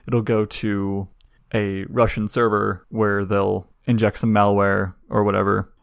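A man co-hosting a casual tech podcast, talking about security in a dry, deadpan, bored way. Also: on the low side, creaky, no room sound. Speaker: podcast co-host, security guy.

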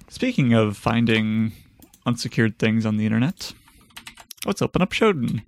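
A man co-hosting a casual chat, joking and sarcastic with quick quips. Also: on the low side, slight background noise. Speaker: podcast co-host.

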